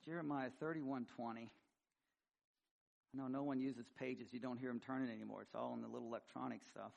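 A middle-aged man preaching a sermon, swinging between loud, high emphasis and quiet, low asides. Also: fairly even intonation, brisk, gravelly. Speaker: pastor.

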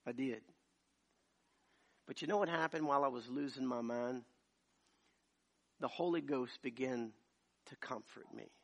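A man preaching a sermon as pastor, moving from quiet storytelling to loud, shouted preaching. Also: medium pitch, measured pace, long pauses. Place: church.

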